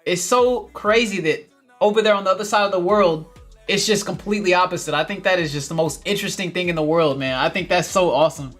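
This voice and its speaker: Reading out chat on his relaxed livestream, a man talks fast in a high, fairly bright voice, cheerful and frequently laughing. Faint music plays behind him.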